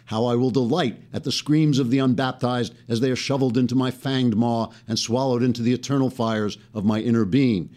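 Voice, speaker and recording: A man's voice: medium pitch, fairly even intonation, brisk, few pauses, warm tone, close to an everyday voice. A man voicing a gloating male apocalypse dragon in a mock-solemn reading of a joke quote. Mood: mock-menacing.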